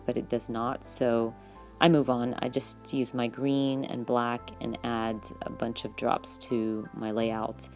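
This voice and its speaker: A woman vlogger narrating her journaling process in a relaxed, chatty voice-over, full of fillers and quick self-corrections. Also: extremely low pitch.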